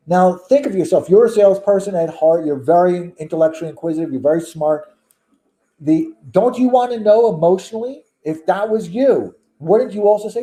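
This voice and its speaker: A man with a high, sharp, bright voice talks in a casual chat. He argues his views with emphasis and keeps firing rhetorical questions. He sounds opinionated throughout. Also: expressive, normal speed. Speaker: guest.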